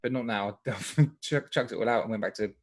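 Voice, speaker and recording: A man's voice: lowish voice, steady tone, fast talker. A man chatting on a live stream, explaining things in an easygoing, matter-of-fact way. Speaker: live show co-host. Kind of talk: casual live-stream chat.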